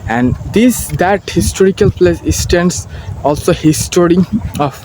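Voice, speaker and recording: A young Bangladeshi man with a Bangladeshi accent, walking and vlogging by paddy fields, speaking earnest, halting English as a learner. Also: high-pitched, expressive, darkish tone. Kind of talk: casual walking vlog. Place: outdoors by paddy fields and a canal. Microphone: phone on a selfie stick. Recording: noisy outdoor phone recording.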